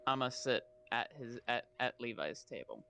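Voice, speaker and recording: A man's voice: medium pitch, big pitch swings, normal speed, creaky, sharp tone. A man playing a tabletop role-playing game, speaking hesitantly with many fillers. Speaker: player. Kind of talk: casual tabletop play.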